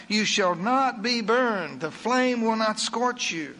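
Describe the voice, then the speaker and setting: A man preaching a sermon in an earnest way, slowing down when he reads scripture aloud. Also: high voice, expressive, bright, forceful tone, slight background noise.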